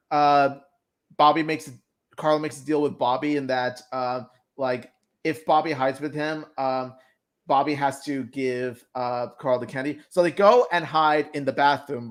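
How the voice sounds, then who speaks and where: A man co-hosting a fan stream, reviewing cartoon episodes in casual chat, excitable and full of fillers and restarts. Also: medium pitch. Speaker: fan show co-host.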